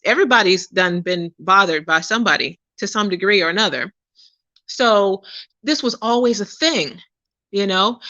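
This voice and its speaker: A woman's voice: medium pitch, sharp tone, no room sound. A woman from Pittsburgh, a podcast host, telling stories in a loose conversational way, full of fillers and asides. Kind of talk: casual storytelling. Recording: dry, dull lo-fi.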